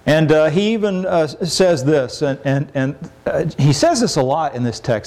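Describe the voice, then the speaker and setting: A middle-aged man preaching a sermon in a conversational way, acting out quoted complaints with sudden rises in pitch. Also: lively intonation, a little slow, a little mellow.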